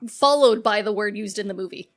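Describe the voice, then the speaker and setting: A woman co-hosting a podcast, retelling a film scene by scene with lively acted-out quotes. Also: mid-range voice, brisk. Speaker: podcast co-host. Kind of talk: casual film recap chat.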